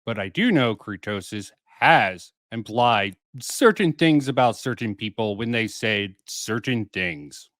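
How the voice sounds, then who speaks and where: A man reacting to clips and talking through his take in a musing, questioning way. His pitch moves a lot as he thinks aloud. The mic is close and dry, with no room sound. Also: expressive, a little slow, few pauses, fairly bright tone, no echo. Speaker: commentary video host. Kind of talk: reaction commentary over clips.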